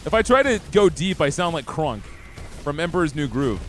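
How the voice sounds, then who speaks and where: A young man talks casually and cheerfully as he plays a game live, reading and answering his chat. His voice sits fairly high and moves around a lot. Soft music plays quietly underneath. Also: big pitch swings, normal speed. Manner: upbeat, chatty, talks to chat. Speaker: streamer. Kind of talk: live gameplay commentary.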